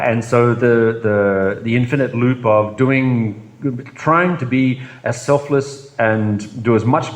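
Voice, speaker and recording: Halting, low-voiced reflective man. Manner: halting, many restarts and fillers, laughs at himself. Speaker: discussion circle participant. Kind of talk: reflective group discussion.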